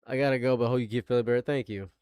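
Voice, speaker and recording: A man's voice: mid-range voice, steady tone, rapid-fire, a little mellow, smooth, no echo. Streamer guy reacting, stutters a lot, gets worked up, dead dry mic. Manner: laughing, stammering restarts, rising to exasperated rants. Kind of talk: live-stream commentary.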